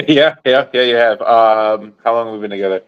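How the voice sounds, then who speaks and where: A man co-hosting a podcast, talking in a halting, reflective way. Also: medium pitch, smooth, lo-fi sound. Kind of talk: casual chat.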